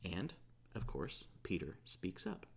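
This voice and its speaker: A man's voice: low voice, big pitch swings, takes it slowly, gravelly, fairly bright tone, a little hiss or hum. A man preaching a sermon as pastor, retelling a scripture story in a conversational way with casual asides.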